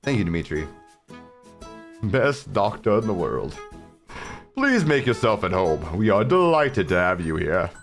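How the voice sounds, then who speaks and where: A courteous, wealthy mansion owner , voiced by a man, welcomes a guest in a formal tone. His voice sits low, with a gravelly edge. Game music plays clearly behind him. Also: sing-song, a little slow, pauses often, exaggerated voice. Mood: polite. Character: polite, rich male mansion owner.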